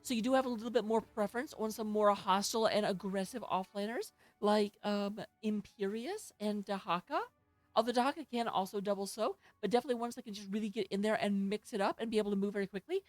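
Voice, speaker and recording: A woman's voice: medium pitch, fast, dry recording. A woman casting a live-streamed esports match from her home setup, playful, goofy and self-mocking as she talks into a headset. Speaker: esports tournament caster.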